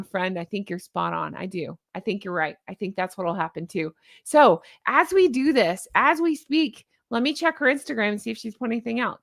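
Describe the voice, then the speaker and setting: A woman's voice: mid-range voice, a bit bright, dry recording, studio quality. A woman hosting a casual commentary livestream, chatty and sarcastic, laughing often and reading viewer comments aloud. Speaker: livestream host.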